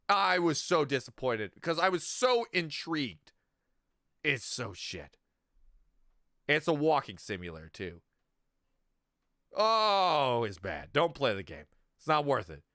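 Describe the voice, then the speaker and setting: A man's voice: fairly high pitch, bright, forceful tone, dry recording, clean studio sound. A man streaming, ranting animatedly and profanely about a video game. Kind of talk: ranting livestream commentary.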